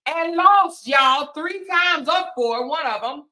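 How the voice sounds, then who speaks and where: A woman's voice: high-pitched, expressive, slow, bright, forceful tone. A woman hosting a gossip commentary, talking in a sassy, mocking, emphatic way. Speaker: commentary channel host.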